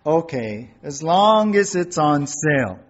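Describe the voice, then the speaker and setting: Brief: preacher playing a relaxed, agreeable golfer, slow, dull lo-fi sound. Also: male voice, a little high, full character voice. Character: easygoing man in a golf locker room.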